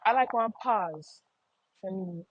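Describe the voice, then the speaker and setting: A woman's voice: medium pitch, slow, slight background noise. A young American woman speaking with a Jamaican patois accent, chatting casually to her viewers and often repeating phrases. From United States. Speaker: vlogger. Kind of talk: casual monologue. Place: outdoors on a walk. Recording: slightly dull lo-fi audio.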